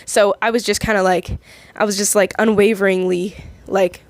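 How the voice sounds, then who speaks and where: A woman's voice: mid-range voice, fairly quick, no echo. A young adult woman casually reading online comments aloud and reacting to them, giggly and chatty, often stumbling and restarting her sentences.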